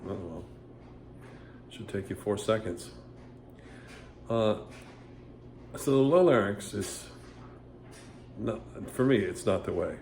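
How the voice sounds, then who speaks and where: A voice teacher with a fairly low, slightly mellow voice speaks slowly and pauses often during a casual singing lesson, rambling and stopping to sing short vowel demonstrations. The echoey room has faint ambience plus a little hiss or hum.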